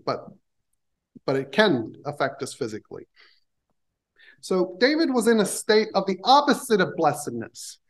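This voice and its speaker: A man preaching a sermon in a church, talking through scripture in a conversational way with pauses and restarts. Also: a little high, rough recording. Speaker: pastor.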